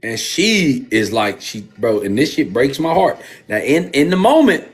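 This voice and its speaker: A man co-hosting a casual podcast, telling candid stories in an animated way about homeschooling his daughter. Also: medium pitch, measured pace. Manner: candid, animated storytelling with lots of slang. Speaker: podcast co-host. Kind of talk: casual chat.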